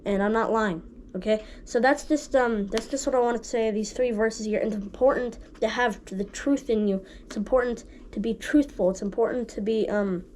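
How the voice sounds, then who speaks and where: A woman giving a casual home Bible-study video, talking haltingly with many restarts and frequent checks of "right?" and "okay?". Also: fairly high pitch, fairly even intonation, a little mellow, slight background noise. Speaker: amateur online Bible teacher.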